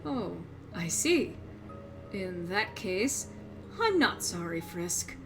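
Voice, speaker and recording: A woman voicing a kindly goat king, speaking low, slow and soft. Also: very animated, music in the background, exaggerated voice, poor audio. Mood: gentle. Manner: slow, soft-spoken and earnest. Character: gentle hulking goat king, male, kindly. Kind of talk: voicing game dialogue on a livestream.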